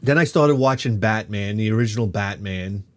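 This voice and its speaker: A man in his fifties spins a loose, comic personal story for his vlog. He talks in an animated, offhand way, swears freely and keeps jumping between tangents. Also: fairly low pitch, moderate pace. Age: 50s. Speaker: vlogger.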